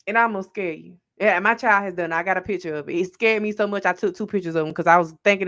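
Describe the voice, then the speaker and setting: An American woman hosting a livestream, telling a story in a chatty, animated way and talking straight to her viewers. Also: on the low side, quick pace, few pauses. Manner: chatty and animated, calling listeners "baby" and "friends". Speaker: livestream host. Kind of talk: casual storytelling to a live audience.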